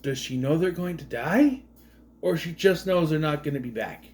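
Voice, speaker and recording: A man's voice: a little high, moderate pace, darkish tone. A man casually recapping a movie, rambling with fillers and restarts and dropping sardonic, questioning asides. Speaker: movie commentary host.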